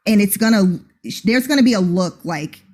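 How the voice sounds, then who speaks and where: A woman plays a tabletop game and describes her character's moves in a loose, rambling way. Her voice sits mid-pitch. She leans on many fillers. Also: lively intonation, moderate pace, a little mellow. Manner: casual, filler-heavy. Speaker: player.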